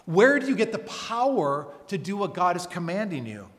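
A pastor delivers a sermon at a church service, his voice high and sing-song with a fairly bright tone. He preaches earnestly and emphatically at a moderate pace, posing rhetorical questions that echo through a reverberant hall.

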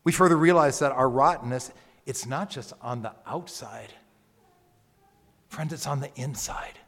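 A pastor with a medium-pitched voice delivers a sermon in a church sanctuary, and a long hall reverb trails his words. His preaching is slow and emphatic, sinking to near-whispers and then climbing to loud calls.

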